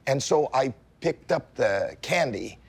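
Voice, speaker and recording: This celebrity guest, a man in his sixties, has a gravelly, slightly rough voice and takes his time telling a story in a casual conversation. He acts out scenes with lively comic timing, jumping into high-pitched yelps.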